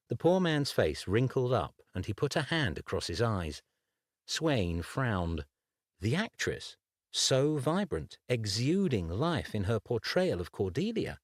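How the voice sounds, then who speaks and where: A man reading a dark fantasy audiobook in measured, scripted narration. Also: lowish voice, big pitch swings, dry recording, studio quality. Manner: measured, unhurried storytelling.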